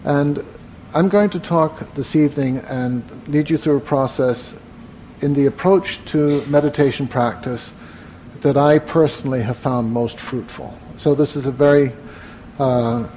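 A man teaching meditation to a live group in a room, relaxed and conversational, often asking the room questions. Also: medium pitch, unhurried, slight background noise. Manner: relaxed, asks the audience questions, frequent "uh". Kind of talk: evening talk to a live group.

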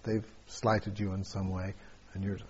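A man, a meditation teacher, answers questions at a retreat in a halting way, with many fillers and restarts and frequent chuckles. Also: sits low, level tone, darkish tone, dull audio, a little hiss or hum.

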